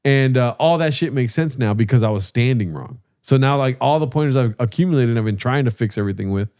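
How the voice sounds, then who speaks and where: A man chats casually on a podcast. He tells rambling, profane anecdotes and jumps into quick impressions of the people he met. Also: medium pitch, lively intonation, darkish tone, smooth. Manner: loose, profane, acts out voices in his stories. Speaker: podcast co-host. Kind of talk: casual storytelling chat.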